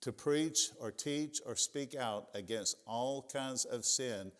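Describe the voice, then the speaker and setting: A male pastor with a drawl preaches in a church, his mid-pitched voice carrying a long reverb off the sanctuary walls. He retells the scripture in plain, folksy words, talking to the congregation as if in conversation. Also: slow. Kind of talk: sermon.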